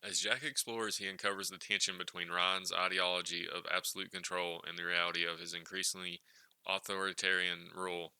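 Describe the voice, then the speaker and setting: A man giving scripted narration for a video retrospective, in a steady, explanatory manner. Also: deep voice, a little fast, clear, resonant tone, no echo, poor audio.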